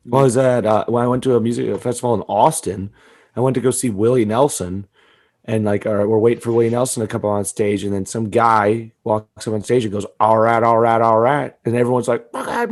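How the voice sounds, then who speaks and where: A man with a deep gravelly voice, co-hosting a casual comedy podcast, swearing freely and riffing with laughs. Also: darkish tone. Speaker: podcast co-host.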